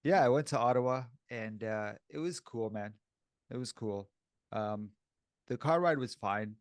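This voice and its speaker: A man's voice: medium pitch, unhurried, no echo, clean studio sound. A man co-hosting a podcast, talking casually and candidly and calling the other host "bro" and "dude".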